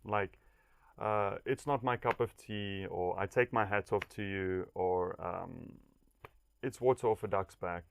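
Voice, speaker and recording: A man, an English teacher, answering interview questions in a relaxed, hesitant way with many fillers and light laughs. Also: on the low side, a little slow, creaky, a little hiss or hum.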